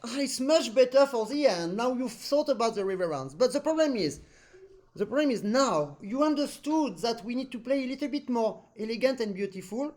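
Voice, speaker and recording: A man coaching an accordion student in a lesson, a native French speaker talking in animated, non-native English and humming musical phrases. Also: extremely high pitch, a little fast. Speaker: accordion teacher. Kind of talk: masterclass coaching.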